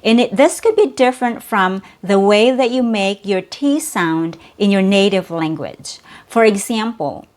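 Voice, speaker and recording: A woman whose first language is Cebuano, teaching an English pronunciation lesson and slowly repeating sounds and words for the learner. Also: medium pitch, lively intonation, a little mellow. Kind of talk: slow, clear pronunciation lesson.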